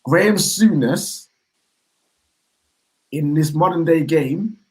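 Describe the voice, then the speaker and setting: A young man from the West Midlands of England, talking as a podcast guest in animated, slang-heavy casual banter about football. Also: on the high side, takes it slowly, low-quality recording.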